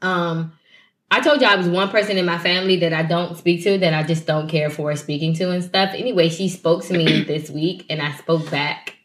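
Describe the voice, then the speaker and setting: A woman's voice: fairly low pitch, fairly even intonation, normal speed. A young woman co-hosting a podcast, telling stories candidly and animatedly, with slang and swearing. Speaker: podcast co-host. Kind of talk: casual chat. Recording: roomy echo.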